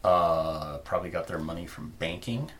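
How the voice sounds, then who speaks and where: A man's voice: low-pitched, fairly even intonation, moderate pace, a bit bright. A man narrating as game master in a tabletop game, loose and chatty. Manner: loose and chatty, many fillers.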